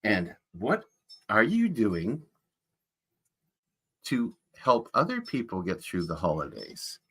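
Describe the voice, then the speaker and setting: A man in character as jolly old Santa Claus, rambling warmly from the workshop in a low, husky voice. His pitch swings up and down as he chats, full of folksy asides. The talk is loose and casual, like a chat with children. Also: wildly swooping pitch, takes it slowly, heavily acted. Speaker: Santa performer greeting children.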